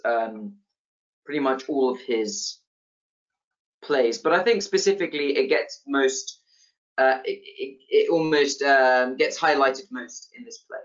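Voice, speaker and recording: A man teaching a casual literature lesson, relaxed, with many fillers and restarts. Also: mid-range voice. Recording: slightly dull lo-fi sound.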